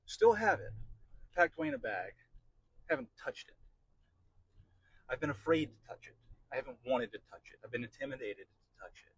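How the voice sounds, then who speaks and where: A man's voice: mid-range voice, husky, no echo, low-quality recording. A middle-aged man hosting a podcast, talking through a candid personal monologue in a rambling, repetitive way with frequent swearing. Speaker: podcast host.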